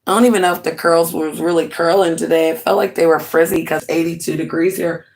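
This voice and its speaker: A woman in her forties chatting live to her viewers from home, animated and quick to laugh. Her voice sits a little low for a woman, and she shifts between easy rambling and playful asides to the chat. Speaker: livestream host. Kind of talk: casual livestream chat.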